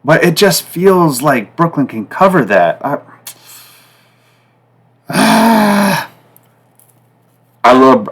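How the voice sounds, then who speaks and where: A man hosting a sports betting podcast, talking in a loose, rambling flow. He leans on fillers and says the same thing twice, and his voice keeps swinging up and down in pitch and loudness from one phrase to the next. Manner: rambling, repetitive, fillers like "like" and "guys". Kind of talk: casual betting talk.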